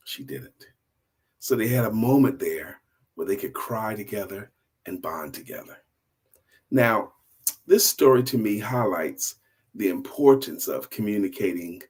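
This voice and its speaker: An older man hosting a storytelling show, telling a story in a relaxed, conversational, repetitive way. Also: medium pitch, husky. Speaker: storyteller host. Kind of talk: casual spoken storytelling.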